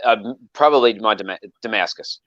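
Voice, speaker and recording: A man's voice: fairly low pitch, fairly quick, no room sound, dull audio. A man telling a long story in casual chat, rambling with frequent restarts and acting out quoted lines. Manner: rambling with many restarts, animated quoting. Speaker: knifemaker guest.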